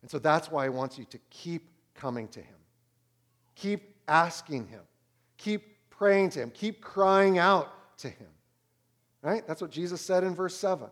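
A pastor in his thirties preaching a sermon, swinging between loud and hushed. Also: a little high, animated, a little slow.

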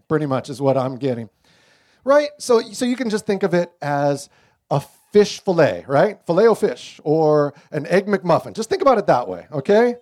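A middle-aged man preaching a casual, joking sermon to a church congregation with children. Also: high voice. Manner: relaxed, joking storyteller. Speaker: pastor. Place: church service.

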